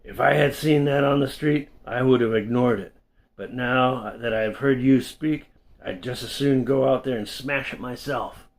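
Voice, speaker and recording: A man's voice: medium pitch, creaky, bright, forceful tone. A man doing a stern French-Canadian bartender. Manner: firm, deliberate. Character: burly older male bartender, stern and unimpressed.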